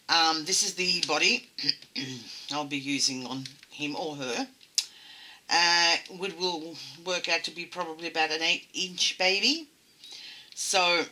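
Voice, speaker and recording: A woman hosting a casual doll-making tutorial, chatty and hesitant with frequent ums. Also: low voice. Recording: loud background noise.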